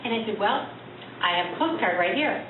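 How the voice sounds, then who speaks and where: A woman telling a personal story on stage in an animated, chatty way, slipping into the voices of the men she quotes. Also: mid-range voice, brisk, very echoey, crowd noise. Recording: distant, phone-like, noisy live room recording.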